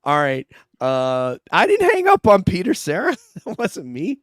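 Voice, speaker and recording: A man's voice: high-pitched, huge pitch swings, measured pace, fairly bright tone, dry recording, studio quality. A man hosting an online true-crime show in casual, loose chat. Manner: loose, chatty, laughs easily. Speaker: host.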